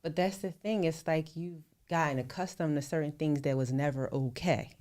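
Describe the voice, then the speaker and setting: Woman in her forties, podcast co-host, lowish voice, direct and probing, pushes back. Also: steady tone, moderate pace, mellow. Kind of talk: candid podcast conversation.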